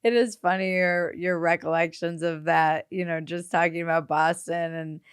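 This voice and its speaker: A woman hosting a casual interview podcast, laughing often and turning animated when she quotes other people. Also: on the low side, normal speed, clear, resonant tone, dry recording, studio quality. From East Coast of the US. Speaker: podcast host.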